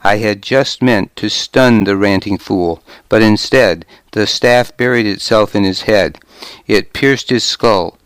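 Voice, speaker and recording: Slow, smooth-voiced male audiobook narrator. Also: fairly low pitch, a bit bright, dry recording. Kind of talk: first-person scripted narration.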